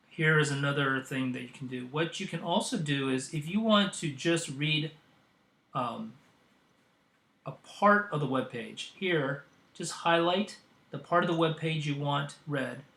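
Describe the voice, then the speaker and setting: A man hosting a software tutorial, demonstrating as he goes and pausing often with ums and uhs. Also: a little high, reverberant. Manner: hesitant, with frequent ums and uhs. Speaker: tutorial host. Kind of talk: screen-recorded software tutorial.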